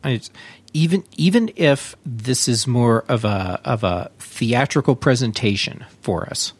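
A man hosting a tech podcast, talking in a relaxed, chatty way with frequent fillers. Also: medium pitch, unhurried, slightly rough. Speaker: podcast host. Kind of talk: casual tech podcast talk.

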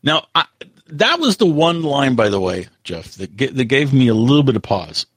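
A man co-hosting a casual tech podcast, talking in a halting way with frequent restarts. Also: mid-range voice, big pitch swings, breathy edge, no room sound. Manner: halting, full of restarts, reads out quotes. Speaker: podcast co-host.

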